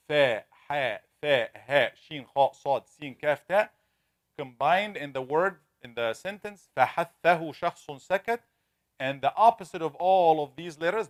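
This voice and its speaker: A man teaching a classroom lesson, asking students questions and slowly repeating sounds to demonstrate pronunciation. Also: medium pitch. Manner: conversational, asks the class questions. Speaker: Quran recitation teacher.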